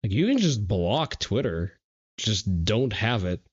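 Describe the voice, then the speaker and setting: A man's voice: lowish voice, very animated, slow pace, husky, lo-fi sound. An American man hosting a livestream, talking bluntly and profanely, with frequent fillers. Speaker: livestream host. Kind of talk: casual stream commentary.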